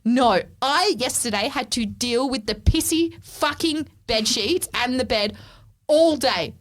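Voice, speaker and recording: Woman co-host, lively and blunt, voice on the higher side. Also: measured pace. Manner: animated, swears freely, acts out quotes. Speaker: podcast co-host. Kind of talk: casual chat, storytelling.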